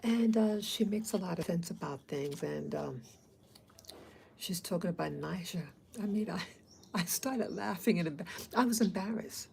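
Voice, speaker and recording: Her fairly low, gravelly voice is expressive and a little mellow, moving at a moderate pace on a rough recording with slight background noise. This vlogger, from abroad but not Africa, talks casually to her viewers in a rambling, hesitant way full of fillers.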